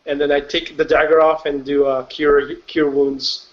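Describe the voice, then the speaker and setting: A man plays his character at a tabletop game, asking quick questions and thinking his moves through aloud. His voice sits slightly high, and the recording is dull and lo-fi. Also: little pitch movement. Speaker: player. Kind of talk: casual tabletop game play.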